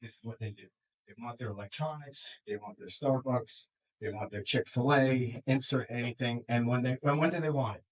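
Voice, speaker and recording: Middle-aged male counselor, mid-pitched, casual and animated with a group. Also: low-quality recording. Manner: animated, acts out parents and kids in quick quoted voices, laughs often. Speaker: school counselor and life coach. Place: room with students and parents.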